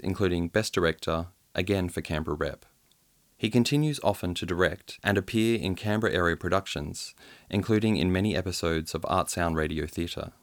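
Deep-voiced radio host. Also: male voice, no echo. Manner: measured, formal announcing. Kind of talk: scripted radio introduction.

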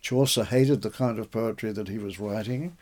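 A man's voice: fairly low pitch, moderate pace, a little mellow. A man, a poet and translator, talking in an interview about his translation of a medieval poem and reciting lines aloud with animation. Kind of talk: conversational interview.

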